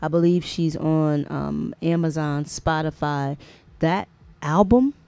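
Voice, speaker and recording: A woman hosting a call-in radio show, chatting loosely in slang with drawn-out phrasing. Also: low voice, creaky, mellow, clean tone, no echo. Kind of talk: casual call-in radio chat.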